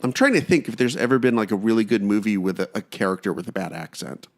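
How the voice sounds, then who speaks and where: A man co-hosting a podcast in casual chat, telling stories in an animated way. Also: fairly low pitch, fast talker. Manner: animated storyteller, slips into mock voices. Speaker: podcast co-host.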